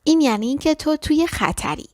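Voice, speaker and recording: Woman, English lesson, fairly high voice, slow deliberate repetition, dry close sound. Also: very animated, a little mellow, no echo. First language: Persian. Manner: repeats English phrases slowly and deliberately after quick explanations. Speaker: English teacher. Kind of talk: language lesson.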